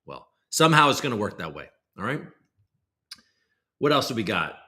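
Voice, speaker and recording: A young man hosting a casual livestream, rambling and sarcastic, jumping from loud bursts to low muttered asides. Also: sing-song, moderate pace. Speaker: host.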